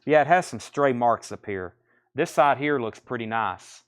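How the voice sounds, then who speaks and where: Running a live-streamed record sale in a record store, a Southern-accented man calls out titles, grades, and prices while musing aloud as he goes. He has a mid-range voice and a moderate pace.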